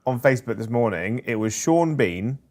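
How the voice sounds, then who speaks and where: A man's voice: mid-range voice, expressive, normal speed, darkish tone. A man co-hosting a casual podcast chat, enthusiastic and nostalgic as he tells stories. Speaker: co-host.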